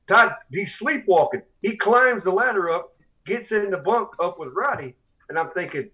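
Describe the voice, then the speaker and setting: A man's voice: sits high, normal speed, highs cut off. A man co-hosting a podcast, telling a camp story in casual chat and acting out the voices. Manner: animated storyteller, acts out voices, laughs often. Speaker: podcast co-host.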